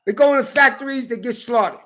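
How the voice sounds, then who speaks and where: A man delivering a heated, profane rant to camera, often breaking into shouts. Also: very high-pitched, fast. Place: California.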